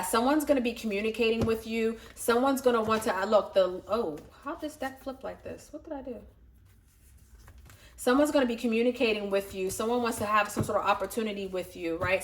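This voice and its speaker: A woman giving a casual tarot reading to her viewers, excitable, swearing freely and laughing often. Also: mid-range voice. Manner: excitable, profane, talks straight to viewers. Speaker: tarot reader.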